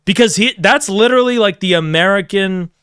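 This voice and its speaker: A man's voice: sits high, brisk, a bit bright, clear, resonant tone, dry recording, studio quality. A man ranting sarcastically on a stream, rambling and laughing often between sentences. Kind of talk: casual political rant.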